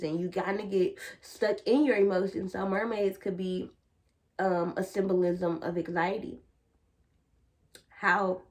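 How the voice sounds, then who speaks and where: A young woman vlogging a casual spiritual chat to her viewers, blunt and animated, full of slang and swearing. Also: on the low side. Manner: blunt, profane and animated, lots of slang and 'bitch' as filler. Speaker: vlogger and tarot reader.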